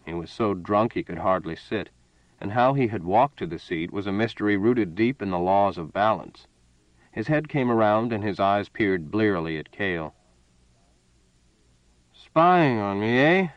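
A man narrating a story in a steady, measured reading voice. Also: fairly low pitch, no echo, highs cut off. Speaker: audiobook narrator. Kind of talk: scripted narration.

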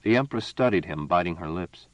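A man reading a science fiction story as narrator, measured and steady. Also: low-pitched, dry recording, poor audio. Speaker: audiobook narrator. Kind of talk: scripted narration.

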